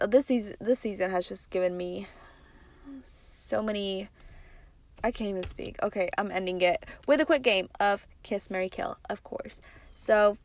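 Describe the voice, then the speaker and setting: A woman's voice: mid-range voice, no room sound. A young woman hosting a casual solo podcast, chatty and rambling with lots of fillers, her voice a little worn. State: losing her voice. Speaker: podcast host.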